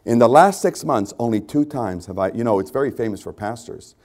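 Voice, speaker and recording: A man's voice: mid-range voice, lively intonation, brisk, darkish tone. A male pastor preaching a conversational sermon to his congregation, repeating phrases for emphasis.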